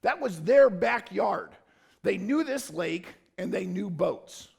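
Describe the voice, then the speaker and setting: A man's voice: high-pitched, lively intonation, slow, creaky, breathy edge. A man preaching a casual, conversational sermon as a pastor, joking and wandering into loose asides. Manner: informal, joking, rambling asides. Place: church.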